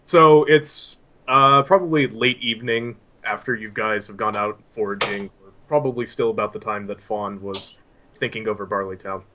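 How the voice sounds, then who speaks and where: A man narrating scenes as game master in a tabletop story game, with halting, filler-heavy description. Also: fairly low pitch, pushed and bright, slight background noise.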